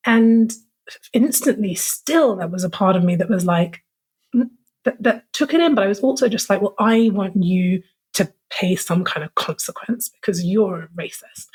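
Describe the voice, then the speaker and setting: A woman with a husky, slightly breathy voice at a middle pitch talks as a podcast guest. She tells a personal story in a loose, conversational way, full of "like" and frank, heartfelt phrasing. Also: darkish tone. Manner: casual, fillers of "like", frank and emotional.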